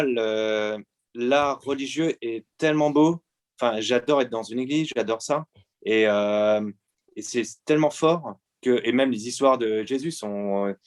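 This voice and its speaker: Hesitant man from France in his forties. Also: mid-range voice. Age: 40s. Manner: hesitant, many pauses and fillers. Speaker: guest artist. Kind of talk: answering interview questions.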